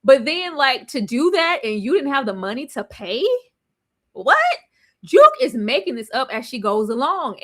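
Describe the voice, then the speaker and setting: A woman reviewing a TV show in casual recap chat, animated and laughing often as she acts out quotes. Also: fairly high pitch, normal speed.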